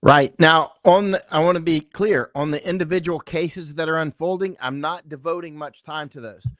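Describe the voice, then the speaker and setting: A man's voice: fairly high pitch, moderate pace, a bit bright, no room sound, clean studio sound. A middle-aged man talking as an interview guest, rambling and emphatic, often checking in with "right?". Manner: rambling, keeps asking "right?". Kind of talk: conversational interview talk.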